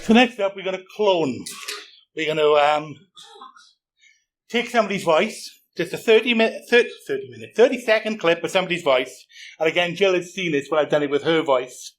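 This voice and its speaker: A man's voice: fairly high pitch, expressive, moderate pace. A man giving a chatty, joking conference talk with a live demo in a hall. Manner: chatty, joking, self-deprecating. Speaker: conference speaker.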